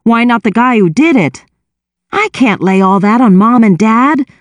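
A sheepish, whiny young teenage boy, as a woman narrator puts him on, pitched up above her own voice and talking fast when he makes excuses. The sound is dry and close, with no room in it. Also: expressive, no room sound. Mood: defensive. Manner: whining, sheepish and quick to justify himself. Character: younger teenage brother, guilty, defensive, whiny.

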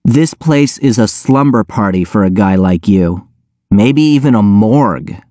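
A man's voice: fairly low pitch, lively intonation, a little slow, warm tone, no echo, studio quality. A man reading aloud, voicing an exasperated teenage schoolboy with an incredulous, scolding tone. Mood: resigned.

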